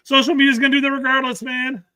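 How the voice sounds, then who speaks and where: A man co-hosting a podcast in loose, profane casual chat. His voice is high for a man and bright, with a tense edge. The recording is dry, with no room sound. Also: flat delivery, quick pace, clear, resonant tone, no echo. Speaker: podcast co-host.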